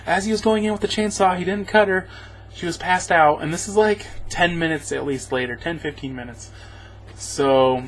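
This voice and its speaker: A man giving a rambling, sarcastic spoken movie review, chuckling as he goes. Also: high voice. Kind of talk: casual spoken film review.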